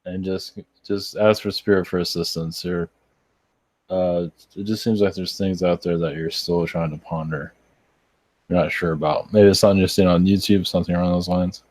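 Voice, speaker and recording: Low-voiced, tired, halting man channeling. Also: darkish tone, dry recording. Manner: rambling, halting, with many restarts and fillers. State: tired, yawning. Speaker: spiritual channeler. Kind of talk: live chat answering viewer questions.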